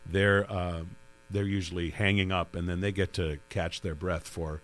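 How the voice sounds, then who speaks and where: A man with a low voice talks about hosting radio interviews. He rambles, doubles back and restarts his sentences as he tells his stories. A faint mains hum sits under the recording. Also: level tone, normal speed, a bit bright. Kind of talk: conversational interview.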